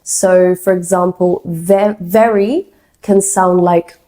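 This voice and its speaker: Slow, mellow woman teaching English. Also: medium pitch, lively intonation, low-quality recording. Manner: measured, explanatory, upbeat. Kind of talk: scripted educational narration.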